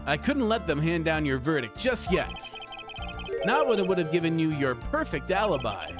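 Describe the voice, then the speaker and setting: A man doing a smug self-important detective, grandiose and theatrical, slightly raised pitch, game soundtrack playing clearly behind, video game voice. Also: very animated, moderate pace, over loud music. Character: pompous vain male detective, smug and theatrical.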